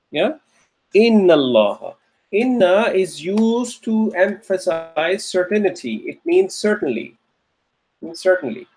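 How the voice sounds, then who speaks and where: A man's voice: sits high, a little mellow. A man teaching an online grammar lecture, patiently repeating points and checking in with the class. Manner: patient, repetitive, checks in with "okay?". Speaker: Arabic teacher.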